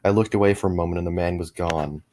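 A middle-aged man with a very low, deep voice reads a first-person horror story. His delivery is measured, and he often stumbles and restarts small phrases. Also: fairly even intonation, darkish tone, slight background noise. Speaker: narrator.

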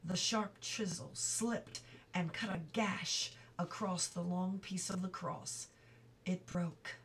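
A woman reading a children's book aloud, slowly and carefully, with small slips she stops to correct. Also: fairly low pitch, steady tone, distant mic, a little hiss or hum, low-quality recording. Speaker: reader.

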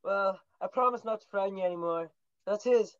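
A small, cheerful male teddy bear who is slightly Irish, polite and chatty, with playful growls, played by a woman in a high school stage play. The voice sits mid-range. The recording is dry and a bit dull. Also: a little fast, dry recording, natural voice. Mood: friendly.

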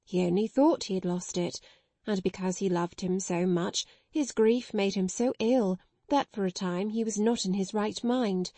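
A woman plays a kind storybook mother who comforts a child. Her voice is mellow and dark, and she speaks slowly and soothingly in a dry, close sound. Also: medium pitch, no room sound, close to an everyday voice. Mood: tender. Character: gentle, motherly grown woman.

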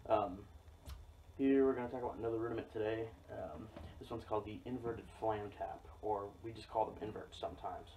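A man teaching a drum rudiment in a relaxed, explanatory way, often checking in with "okay?". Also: on the low side, a little fast. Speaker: drum instructor. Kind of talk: casual instructional demo. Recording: distant mic with loud noise and drum clicks.

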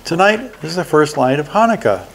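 A man's voice: a little high, very animated, a little fast, vocal fry, husky, pitched above the performer's own voice, heavily acted. An older man reading aloud gives voice to a clever, self-assured young hero who talks his way past goblins. The tone is bold and teasing, a little above the reader's own voice. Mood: defiant.

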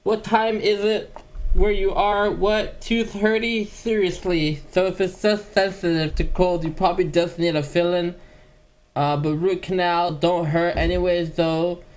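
A man doing a boxer impression, soft, higher than his normal voice, slow and gentle. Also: flat delivery. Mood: friendly.

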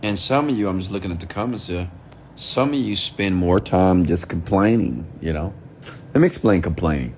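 Man, middle-aged, livestream mentor ranting late at night: blunt, profane, gravelly. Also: deep voice, animated, moderate pace, a little mellow, a little hiss or hum. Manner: blunt, profane, mocks whiny voices. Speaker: entrepreneur and mentor hosting a livestream. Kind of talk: late-night motivational rant.

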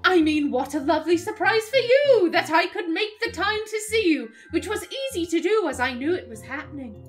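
A woman's voice: very high-pitched, expressive, fairly quick, soft background music. A woman voicing a vain, theatrical female psychic in a video game, gushing over her fans. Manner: grand, gushing, self-adoring.

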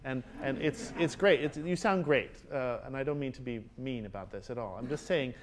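A man teaching a master class, coaching players and singing rhythms out loud, often checking with a quick "yeah?". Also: medium pitch, slight background noise. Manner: sings rhythms aloud, frequent checking "yeah?". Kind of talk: coaching musicians, singing phrases. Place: concert hall with instruments playing.

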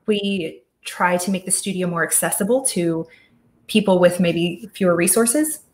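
A woman's voice: on the low side, a little slow, darkish tone. Chatty woman on an echoey call. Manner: chatty, thoughtful, with frequent restarts. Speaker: audio studio founder, guest speaker. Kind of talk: casual virtual talk.

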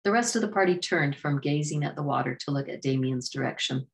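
A woman with a notably low voice reads a storybook aloud at a steady pace. Her delivery is even and plain, with the occasional self-correction. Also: a little fast, few pauses. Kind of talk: storybook narration.

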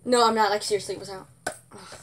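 A woman's voice: mid-range voice, fairly even intonation, fast talker, a little hiss or hum. A woman reviewing a product in casual chat, sarcastic and giggly, often exasperated.

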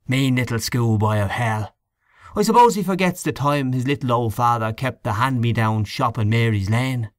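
A man's voice: mid-range voice, normal speed, no echo, studio quality, close to an everyday voice. A man voicing a grumbling, gossipy middle-aged canvasser in a storybook reading, scornful and snuffling, with a conspiratorial manner.

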